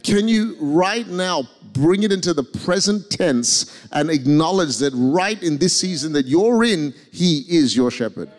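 A man's voice: on the high side, lively intonation, unhurried, hardly any pauses. Emphatic male preacher in a reverberant hall. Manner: emphatic, leads congregation in call and response. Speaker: guest preacher. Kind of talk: sermon. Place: large church hall with balcony. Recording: long church-hall reverb.

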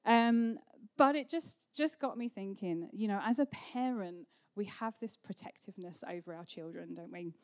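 A woman's voice: mid-range voice, normal speed, few pauses. Chatty woman preaching. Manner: chatty storytelling with frequent ums. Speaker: pastor. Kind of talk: sermon.

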